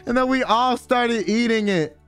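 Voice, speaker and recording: A man telling an animated, slang-filled story in casual chat, swearing freely and acting out what people said. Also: extremely high pitch, moderate pace, clean tone, soft background music. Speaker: streamer guest telling a story.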